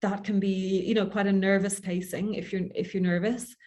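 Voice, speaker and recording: Irish woman, public speaking coach, brisk chatty workshop delivery, mid pitch. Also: little pitch movement, a little mellow. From Ireland. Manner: quick, chatty, self-deprecating. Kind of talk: workshop talk.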